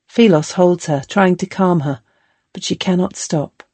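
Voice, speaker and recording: A woman narrating a historical novel as an audiobook in a calm, measured storytelling manner. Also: lowish voice, husky, no echo.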